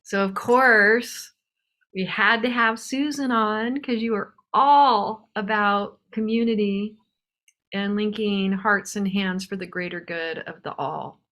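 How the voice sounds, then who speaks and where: A woman hosting, introducing a guest with gushing praise, quick bursts with fillers. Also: mid-range voice, fairly bright tone. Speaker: host.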